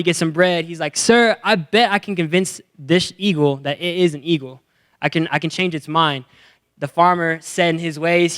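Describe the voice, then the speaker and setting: A young man preaching to a youth group, his voice smooth and clear and sitting a little high. He talks with energy and playful slang and acts out the characters as he tells their stories. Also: a bit bright. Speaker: youth pastor. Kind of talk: youth sermon with acted-out stories.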